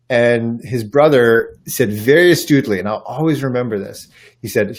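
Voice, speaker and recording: An earnest man sits for a relaxed podcast conversation, his voice sitting at an ordinary middle pitch. He reflects aloud and winds through a personal story, often backing up to restart a phrase before pushing on. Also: normal speed. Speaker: podcast guest. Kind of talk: casual conversational interview.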